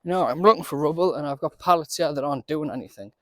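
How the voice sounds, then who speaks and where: A man's voice: fairly high pitch, fast talker. A man giving a casual, chatty running commentary while he works on his allotment garden outdoors, often laughing and talking to himself.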